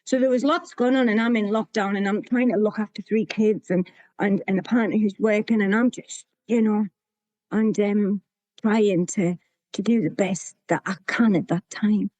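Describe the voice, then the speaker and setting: A woman's voice: mid-range voice, steady tone, moderate pace, darkish tone, dry recording. A woman, telling her own recovery story to a meeting in a candid, plain-spoken way. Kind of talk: sharing a personal recovery story.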